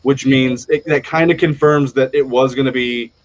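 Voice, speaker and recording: A man's voice: mid-range voice, steady tone, muffled recording. Blunt, profane man hosting a chat. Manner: blunt, profane, fast opinionated riffing. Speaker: podcast host. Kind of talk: casual live panel chat.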